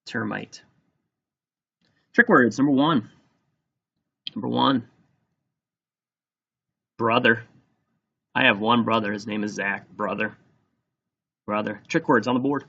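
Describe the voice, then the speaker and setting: A man teaching, dictating a spelling test and slowly sounding words out letter by letter. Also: mid-range voice, fairly even intonation, vocal fry, fairly bright tone, dull audio.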